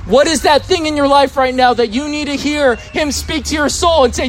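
A male pastor gives a sermon in a relaxed, conversational manner, often turning to the congregation with questions. His voice is very high for a man, and faint background noise sits under it. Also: moderate pace, few pauses.

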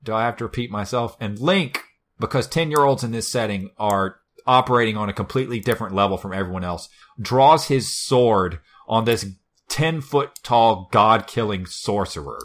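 Brief: low-pitched male host, casual and profane, wry retelling. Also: expressive, normal speed. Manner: swears a lot, wry storytelling. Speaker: podcast co-host. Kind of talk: casual chat.

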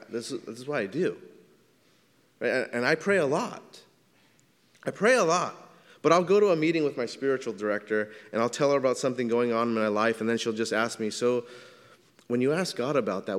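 A man serving as pastor, preaching a sermon in a conversational way that builds to loud, emphatic scripture readings. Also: mid-range voice. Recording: long hall reverb.

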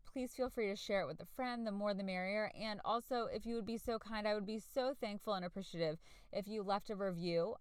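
Woman podcast host, forties, chatty and earnest, smooth voice, dry close-mic sound. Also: medium pitch, no echo. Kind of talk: casual solo podcast talk.

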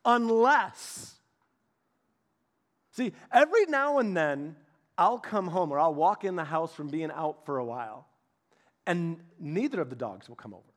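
A man pastor giving a casual, storytelling sermon, chatty and animated, speaking directly to his congregation. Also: on the high side, unhurried, pauses often. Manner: chatty, animated, many restarts and asides.

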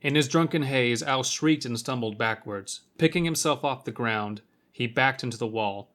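A man co-host reads a dark, gory story aloud at an easy, casual clip. He laughs readily and drifts into chatty asides between passages. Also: mid-range voice, moderate pace. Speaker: podcast co-host. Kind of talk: casual reading and banter on a podcast.

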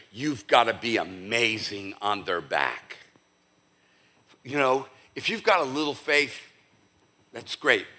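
A male pastor giving a conversational, animated sermon with casual asides to his church. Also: mid-range voice. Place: church sanctuary.

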